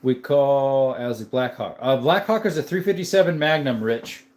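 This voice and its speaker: A man's voice: mid-range voice, moderate pace, darkish tone. A man hosting a live stream, chatting casually, greeting viewers by name and laughing often. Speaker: livestream host. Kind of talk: casual live chat reading comments.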